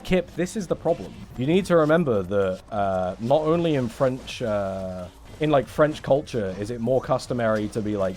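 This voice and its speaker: A man's voice: mid-range voice, lively intonation, moderate pace, darkish tone. A young English man on a casual livestream, rambling in a sarcastic, sweary way. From England. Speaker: streamer.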